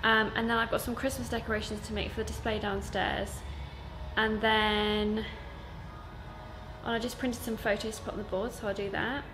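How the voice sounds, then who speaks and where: Over music, a young woman who owns a sewing school and teaches there chats to camera about her week. Her slightly high voice has a flat delivery at a normal speed, though her manner is chatty and packed with fillers, like a casual vlog.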